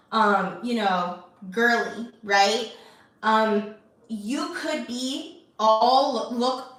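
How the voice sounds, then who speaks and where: Young woman host, fairly high voice, rambling casual delivery, echoey room, mic set back from her. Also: a bit bright, recorded from a distance. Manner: chatty, many fillers and restarts. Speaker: lifestyle channel host. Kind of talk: casual talk to camera.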